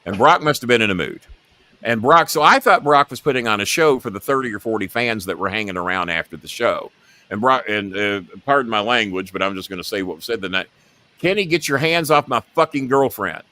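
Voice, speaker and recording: A man's voice: on the low side, quick pace, pushed and bright, no room sound. A middle-aged man hosting a talk show, telling a long story and acting out the quotes in it.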